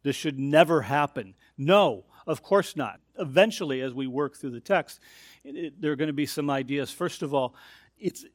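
A man's voice: on the high side, animated, normal speed, no room sound, clean studio sound. A man preaching an expository sermon, explaining a text point by point and putting hard stress on the key phrases.

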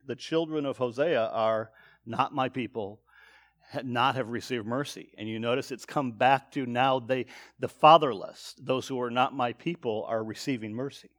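A man's voice: mid-range voice, moderate pace, a bit bright. Man teaching verse by verse. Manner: explanatory, reads verses aloud with lifted emphasis. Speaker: preacher.

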